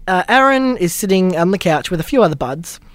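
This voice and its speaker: A man's voice: sits high, expressive, brisk, no room sound. A man co-hosting a podcast, laid-back and joking as he recaps events in casual chat. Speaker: podcast co-host.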